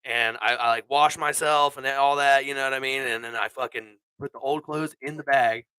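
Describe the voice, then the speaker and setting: A man hosts a casual podcast, telling crude stories with lively energy and plenty of swearing. His voice sounds bright and forward. The sound is close and dry. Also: mid-range voice, moderate pace, clean tone, dry recording, low-quality recording. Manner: crude, animated storyteller who swears a lot. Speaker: podcast host. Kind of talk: casual storytelling chat.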